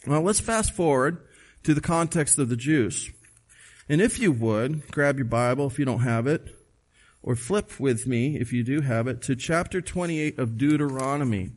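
A man's voice: medium pitch, moderate pace, darkish tone. A man preaching a sermon, emphatic and conversational, asking the listeners questions and reading scripture aloud. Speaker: pastor.

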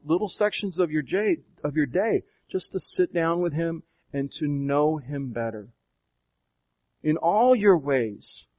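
Emphatic preaching man, lo-fi recording. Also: a little high. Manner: questions the congregation, with emphatic swells and slowed, drawn-out phrases. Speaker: pastor. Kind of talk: sermon. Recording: dull lo-fi recording.

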